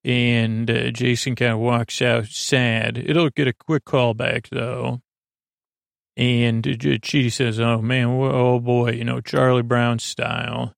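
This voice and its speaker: A man with a gravelly voice drifts through a sleep-podcast recap of a TV episode, full of filler sounds and restarts. His delivery stays flat and even, with little rise or fall. The recording is close and dry. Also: medium pitch, no room sound. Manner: halting and meandering, with many filler sounds and self-corrections.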